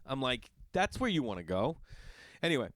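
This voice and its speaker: A man who is a father, hosting a podcast and telling a long casual story in an animated, exasperated and profane way. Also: mid-range voice, moderate pace, no echo. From Los Angeles area. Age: adult with children. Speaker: podcast host.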